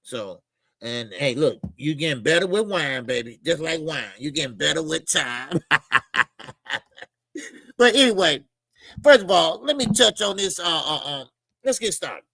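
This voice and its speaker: A man's voice: a little high, sing-song, measured pace, pauses often, no echo. A man hosting a casual boxing livestream, laid-back and chatty, greeting viewers by name and laughing often. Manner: loose, shout-outs to chat, laughs often.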